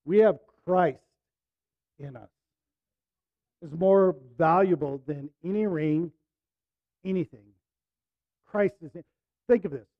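A middle-aged man preaching a sermon, telling a personal story in a conversational way, dropping to soft asides and rising to emphatic bursts. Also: sits high, takes it slowly, long pauses, no echo, phone-quality sound. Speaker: pastor.

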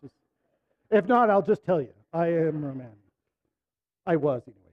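A man's voice: fairly high pitch, expressive, normal speed, highs cut off. Conversational man preaching with emphatic bursts. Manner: conversational, swings between soft asides and emphatic bursts. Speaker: pastor. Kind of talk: sermon with personal story.

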